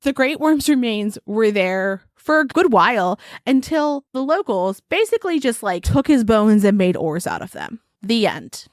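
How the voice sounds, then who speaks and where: Podcast host, woman, animated and foul-mouthed storyteller, bright and lively pitch, dry mic. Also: measured pace, few pauses, no room sound. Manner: animated, profane, giggly retelling. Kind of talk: casual storytelling chat.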